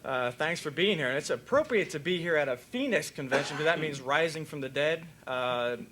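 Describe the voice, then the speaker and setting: A man's voice: fairly high pitch, lively intonation, a little fast, background noise. An older man, a veterinarian, giving a rambling, jokey conference lecture.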